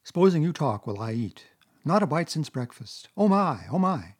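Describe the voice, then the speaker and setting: A man's voice: on the high side, big pitch swings, moderate pace, breathy edge, pitched above the performer's own voice. A man voicing a homely, blunt male mole who grumbles and talks plainly. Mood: hungry. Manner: bluff and grumbling.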